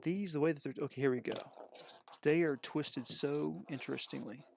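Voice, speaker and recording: A man's voice: a little high, moderate pace, gravelly, slight background noise. Rambling man thinking aloud over gear. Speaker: streamer unboxing music gear. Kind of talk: unscripted live stream chat. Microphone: headset microphone.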